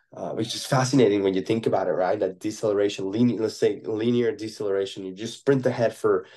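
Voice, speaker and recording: A man's voice: fairly low pitch, darkish tone. A man, a performance coach, answering a podcast question in a thoughtful, explanatory way, often checking in with tag questions.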